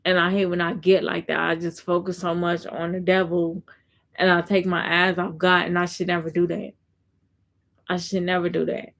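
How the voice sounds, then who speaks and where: A woman's voice: on the low side, level tone, normal speed, vocal fry, fairly bright tone. A woman content creator giving casual faith talk on a live stream, reading viewer comments aloud and answering them earnestly, often repeating herself.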